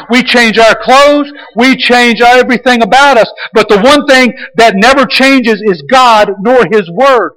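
A man's voice: very high voice, a bit bright, in a large hall, poor audio. A man preaching a sermon, emphatic and repetitive, asking rhetorical questions.

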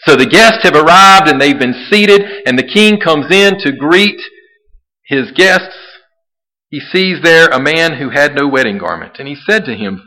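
A man delivering a sermon from the pulpit with a bright, forceful tone. He preaches with animation, slipping into quoted voices of the people in his stories. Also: on the high side, lively intonation, moderate pace, rough recording. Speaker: pastor.

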